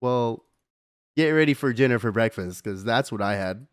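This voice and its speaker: A man's voice: mid-range voice, normal speed, clear, resonant tone, no echo. Young guy rambling thru a story on a podcast, lots of likes and dudes, dry close mic. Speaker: podcast co-host. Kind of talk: casual chat.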